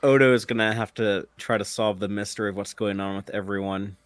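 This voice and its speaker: A man hosting a casual fan commentary podcast, explaining scenes in a laid-back, halting way. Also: lowish voice, steady tone, smooth, no echo.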